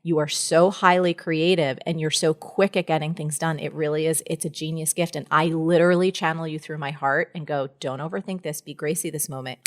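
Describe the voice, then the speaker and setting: A woman's voice: low voice, steady tone, fairly quick, hardly any pauses. Earnest, encouraging woman podcast guest. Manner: earnest, encouraging, talks in emphatic bursts. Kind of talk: candid podcast conversation.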